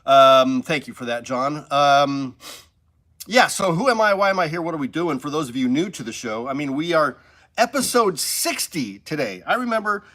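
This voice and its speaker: A man's voice: fairly high pitch, lively intonation, normal speed, a bit bright. A man from the hosting a casual live stream from a music store studio, upbeat and rambling.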